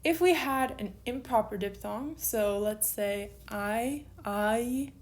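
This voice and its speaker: A woman teaches a recorded online lesson in a slightly high voice. She moves at a patient pace and slows down to spell out letters one by one.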